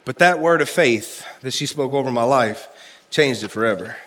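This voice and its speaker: A man's voice: medium pitch, lively intonation, moderate pace, a crowd in the background, noisy background. Folksy male preacher telling stories. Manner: folksy storytelling with humor; conversational, addresses congregation directly. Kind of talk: sermon. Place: church service.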